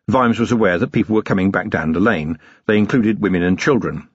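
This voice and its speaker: A man narrating a comic fantasy novel as an audiobook, in an expressive storytelling manner. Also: low voice, fairly quick, hardly any pauses, breathy edge, no echo. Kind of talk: scripted narration. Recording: dull, dry audiobook recording.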